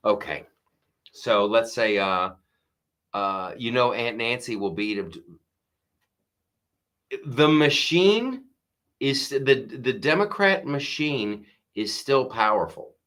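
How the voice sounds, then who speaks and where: A man's voice: mid-range voice, animated, takes it slowly, long pauses, fairly bright tone. A middle-aged man hosting a comedy podcast, rambling sarcastically through a casual monologue with frequent restarts.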